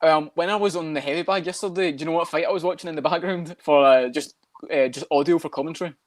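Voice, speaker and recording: A man co-hosting a casual podcast chat, laughing often and quoting fighters. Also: fairly high pitch. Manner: fast, laughing, quotes fighters. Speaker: podcast co-host.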